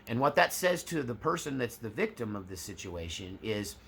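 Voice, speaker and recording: A man's voice: medium pitch, big pitch swings, normal speed, creaky, fairly bright tone, slightly rough. A man hosting his own channel, talking casually and acting out examples as he explains. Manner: conversational, acts out examples. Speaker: channel host. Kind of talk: casual talk to camera.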